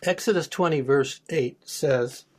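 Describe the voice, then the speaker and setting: A man's voice: fairly high pitch, unhurried, darkish tone. A man teaching a Bible study, reading verses aloud and then explaining them plainly, with small restarts. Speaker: preacher.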